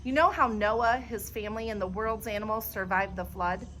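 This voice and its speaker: A woman voicing a frail old grandmother who speaks gently and soothingly, in a storybook reading. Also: mid-range voice, moderate pace, a little hiss or hum, lightly acted.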